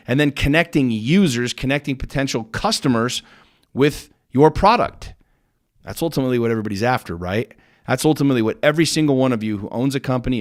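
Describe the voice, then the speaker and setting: Blunt, intense man coaching. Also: medium pitch. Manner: blunt, intense, swears freely; repeats words for emphasis. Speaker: podcast host and business coach. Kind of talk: motivational monologue.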